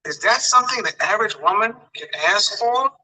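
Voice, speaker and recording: A man's voice: sits high, expressive, fairly quick, pushed and bright, recorded from a distance, rough recording. A man lecturing viewers on dating in emphatic commentary, often repeating his phrases for effect.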